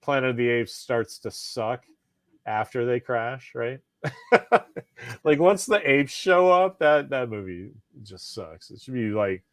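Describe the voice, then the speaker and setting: Male podcast co-host, lively and swearing, dry close sound, middle pitch. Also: takes it slowly, no room sound. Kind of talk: casual chat.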